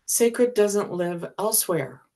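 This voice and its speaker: A woman voicing a gentle, amused female divine spirit who speaks tenderly and teases lightly. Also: mid-range voice, lively intonation, takes it slowly. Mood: gentle, affectionate. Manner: tender, teasing.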